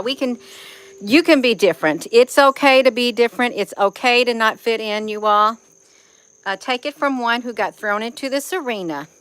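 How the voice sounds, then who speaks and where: A woman's voice: fairly high pitch, a bit bright, smooth, low-quality recording. Woman rambling to her viewers outdoors, folksy, says you all a lot. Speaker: livestream host reading chat. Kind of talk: casual livestream chat. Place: outdoors among trees.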